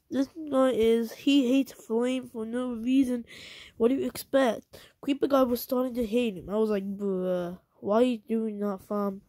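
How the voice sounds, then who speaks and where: A woman's voice: fairly high pitch, a little mellow, dry recording. A young woman ranting angrily at another video maker, scolding and repeating herself. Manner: angry, repetitive, scolding. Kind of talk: angry rant at the camera.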